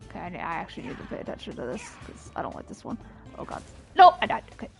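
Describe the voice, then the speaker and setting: A woman's voice: fairly low pitch, huge pitch swings, racing, gravelly, soft background music. A woman chatting while she plays a game, laughing and swearing as she goes. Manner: laughing, swears, distracted by play. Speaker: streamer playing the game. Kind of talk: casual chat while gaming.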